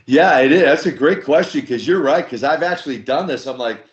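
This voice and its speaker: Older male guest, lively storyteller, raised pitch, slightly muffled lo-fi recording. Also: a little fast. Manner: animated storyteller acting out dialogue. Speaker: guest, former wrestler turned minister. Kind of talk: storytelling interview. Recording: slightly dull lo-fi sound.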